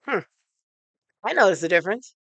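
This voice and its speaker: A woman coach leading an online workshop, encouraging participants and counting slowly through breathing and muscle relaxation exercises. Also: mid-range voice, expressive, a bit bright, no room sound. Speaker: emotional intelligence coach.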